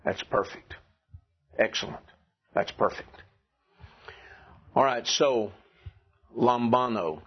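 A husky-voiced man gives a classroom lecture, walking his students through grammar rules and repeating them patiently. He keeps his pitch in a middle register. The recording is dull and lo-fi. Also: slow pace, long pauses. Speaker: Greek teacher.

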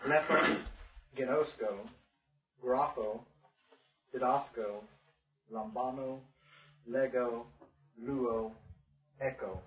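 A male student reading a list of words aloud in class, slowly and quietly. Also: medium pitch, fairly even intonation, slightly rough, highs cut off.

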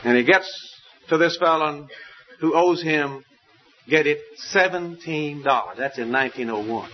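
A man preaching a sermon, telling a parable in a folksy, emphatic way with wide swings in pitch. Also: a little slow, dull audio, a little hiss or hum.

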